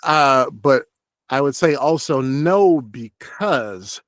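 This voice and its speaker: Relaxed man talking shop, dry sound. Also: mid-range voice, slow, no room sound. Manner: relaxed, rambling, many "like" fillers, acts out short quoted lines. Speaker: voice actor guest. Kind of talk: casual interview chat.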